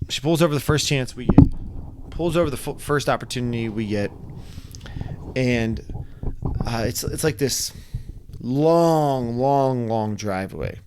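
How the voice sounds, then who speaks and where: A man's voice: medium pitch, unhurried, long pauses, noisy background. A man casually telling a long story, rambling, repeating words and acting out the quotes.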